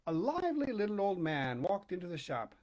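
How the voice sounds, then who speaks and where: Man, storybook narrator, high voice, lively pitch, dramatic hushed pauses. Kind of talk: storybook reading.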